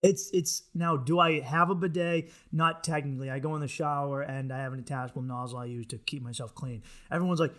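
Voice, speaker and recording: A man with a high, bright voice riffs through a crude comedy monologue. He rambles and swears freely, full of restarts and asides. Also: fast talker, hardly any pauses. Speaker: podcast host.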